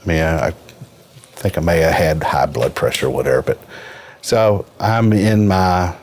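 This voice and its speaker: A man's voice: sits low, moderate pace, a little mellow. A man in his fifties telling a personal story as a podcast guest, earnest and vivid. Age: 50s. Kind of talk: personal story in a casual interview.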